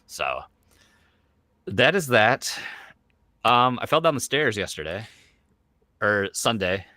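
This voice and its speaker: A man's voice: on the low side, very animated, takes it slowly, pushed and bright, dry recording, clean studio sound. A man in his thirties hosting a podcast in casual chat, rambling and full of fillers like "like" and "you know". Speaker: podcast host.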